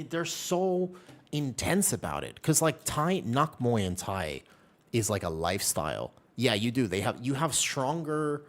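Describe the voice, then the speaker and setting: Animated low-voiced man streaming a game. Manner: animated storyteller chatting with viewers. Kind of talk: casual chat while streaming a game.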